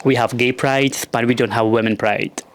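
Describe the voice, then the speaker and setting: A man's voice: medium pitch, steady tone, normal speed, no echo. A young man with a non-native English accent doing a rambling, self-deprecating stand-up comedy monologue.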